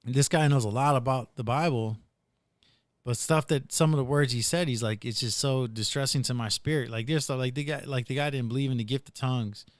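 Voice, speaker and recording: A man's voice: mid-range voice, a little fast, dry recording, studio quality. A man hosting a casual podcast, rambling through retold stories with plenty of "dude" and "like". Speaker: podcast host.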